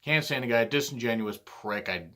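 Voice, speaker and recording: A man's voice: mid-range voice, moderate pace, a bit bright. A man hosting his own vlog, delivering a blunt, profane ranting monologue. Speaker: vlog host.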